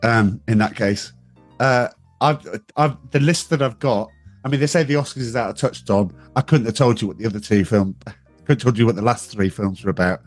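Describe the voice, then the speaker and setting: Over soft background music, a man with a lowish voice co-hosts a podcast, talking at a fairly quick clip. He chats casually about films, teasing and wry, and rattles off lists of facts.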